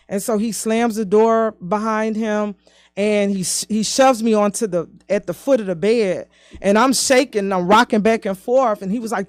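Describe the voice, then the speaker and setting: A woman in her fifties recounts her own past as a podcast guest, her speech mid-pitched and halting, sprinkled with "you know" and "um". Her pace keeps shifting between rushed and drawn-out, and the voice sits dry and close with no room sound. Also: no echo. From southern United States. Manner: speeds up and slows down often. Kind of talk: personal storytelling in conversation.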